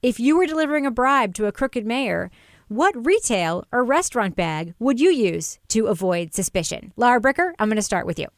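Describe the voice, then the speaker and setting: A woman hosting a podcast in casual chat, wry and quick to laugh as she puts questions to her co-hosts. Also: on the high side, sing-song, no echo, clean studio sound. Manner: wry, laughs often, steers the talk with questions. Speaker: podcast host.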